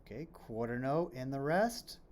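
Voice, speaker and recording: A man's voice: mid-range voice, expressive, normal speed, heavy background noise. A man teaching a children's music lesson on rhythms, explaining patiently, asking questions and then answering them, and chanting rhythm syllables as he claps.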